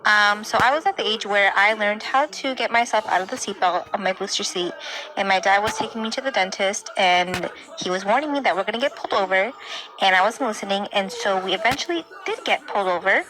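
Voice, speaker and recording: Young woman, brisk storytelling, chatty, informal, lots of filler words, mid-pitched voice. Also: low-quality recording. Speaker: storytime ASMR creator. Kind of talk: casual storytelling.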